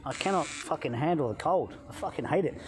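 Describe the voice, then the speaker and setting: A middle-aged man from England, a health coach vlogger telling a travel story in a swearing, animated way, talking into a phone outdoors by a hotel pool. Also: on the high side, a little fast.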